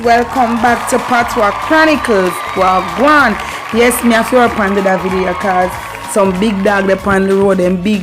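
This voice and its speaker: Playful Jamaican woman teaching patois. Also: medium pitch. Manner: playful, animated, calls out repeated phrases. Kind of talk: casual teaching vlog.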